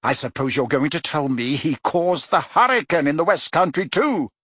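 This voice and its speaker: Man reading as an irritable, sarcastic prime minister, bright and lively. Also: a little high, moderate pace, breathy edge, dry recording, clean studio sound. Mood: furious. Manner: sharp, barking, sarcastic.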